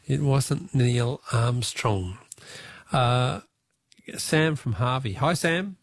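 A man's voice: medium pitch, no echo, clean studio sound. A jovial, chatty Australian man hosting a radio quiz and talkback show. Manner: jovial, chatty, quick to laugh.

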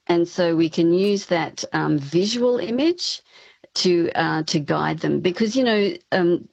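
A woman's voice: on the low side, lively intonation, a little slow, vocal fry, darkish tone, dry recording, lo-fi sound. A woman speech pathology professor explaining her work as a radio interview guest, with frequent ums and restarts.

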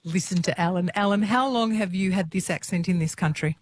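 A woman hosting a late-night radio talk show, friendly and quick with her questions to callers. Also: on the low side, slight background noise. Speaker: radio host. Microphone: studio microphone.

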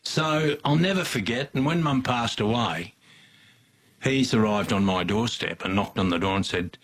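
A man's voice: fairly low pitch, normal speed, fairly bright tone, slightly rough. An older man with an Australian accent, telling a rambling family story in a folksy, chuckling way. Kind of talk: storytelling in conversation.

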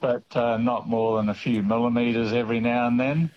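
Aussie guy calling in, steady friendly voice, kinda muffled phone sound. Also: medium pitch, moderate pace. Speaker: caller.

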